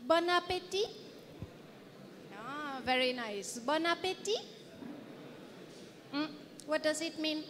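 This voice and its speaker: Woman, French accent, high voice, slow unhurried delivery, playful quizzing lecture, long hall reverb. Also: animated, a bit bright. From France. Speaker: guest lecturer. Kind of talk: interactive lecture to an audience. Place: conference hall.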